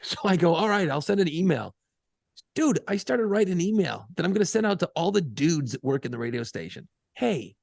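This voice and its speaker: Animated gravelly man telling a story. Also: on the high side, a little fast, dry recording, clean studio sound. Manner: animated profane storytelling, acts out other voices. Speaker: podcast co-host and radio program director. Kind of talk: casual storytelling banter.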